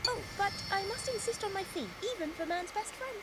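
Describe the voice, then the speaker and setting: A woman voicing a cheerful young female detective in a video game, crisp and teasing. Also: very high voice, a little fast, noisy background. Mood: brisk. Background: game music.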